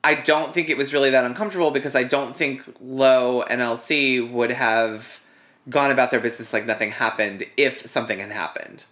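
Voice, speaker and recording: A man co-hosting a podcast, recapping a TV episode in an animated, rambling way full of "like". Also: medium pitch, brisk. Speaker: podcast co-host. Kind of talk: casual TV recap chat.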